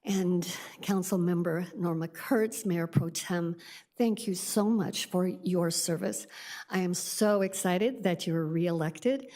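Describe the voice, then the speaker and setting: A woman's voice: lowish voice, slow pace, mellow. A woman speaking during public comment at a city council meeting, thanking council members in a heartfelt, earnest way.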